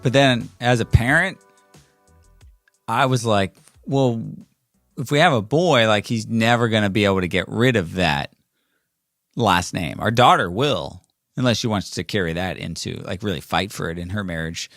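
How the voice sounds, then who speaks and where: A man's voice: lowish voice, moderate pace, a bit bright, no echo, clean studio sound, faint music behind. A man in his forties hosting a podcast alone, talking in a rambling, playful way with many fillers and self-corrections. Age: 40s. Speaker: podcast host. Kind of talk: casual solo podcast monologue.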